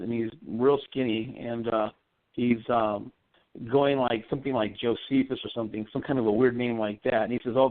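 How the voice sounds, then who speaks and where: A man, a psychic medium guest, telling a long rambling story in a radio interview, full of ums and restarts. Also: mid-range voice. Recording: tinny phone line.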